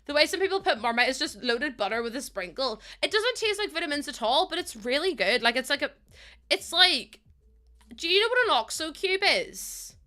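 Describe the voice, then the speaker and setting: A woman's voice: sits high, sing-song, moderate pace, pushed and bright. A young woman live-streaming, chatting casually with her chat, giggling often and greeting viewers as she talks.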